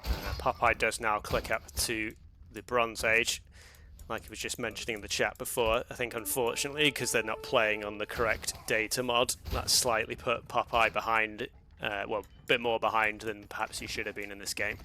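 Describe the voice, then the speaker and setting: A man's voice: fairly low pitch, flat delivery, normal speed, bright, forceful tone. A man casting a live strategy game match, chatty and loose, restarting his sentences often. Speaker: game caster.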